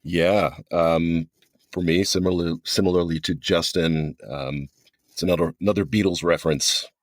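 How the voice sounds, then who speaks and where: A man's voice: low-pitched, fairly even intonation, moderate pace, no room sound, studio quality. A man in his forties, a band's drummer, reminiscing in a casual interview with a reflective, meandering manner full of hesitant ums. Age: 40s. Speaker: drummer and guitarist in a band.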